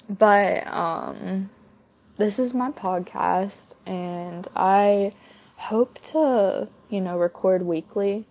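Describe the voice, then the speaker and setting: A young woman hosting her own podcast, giving a halting, heartfelt faith testimony with soft laughs while tearful from crying. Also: on the low side. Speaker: podcast host.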